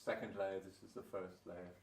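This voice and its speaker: A man's voice: sits low, flat delivery, moderate pace, a little hiss or hum. Older man rambling through a conference talk. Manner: rambling, swears, laughs at own stories. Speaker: conference speaker. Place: conference hall.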